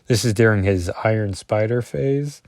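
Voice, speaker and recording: A man's voice: fairly low pitch, moderate pace, darkish tone, dry recording. A man casually reading through a comic issue as a reviewer, rambling with chatty asides and self-deprecating remarks.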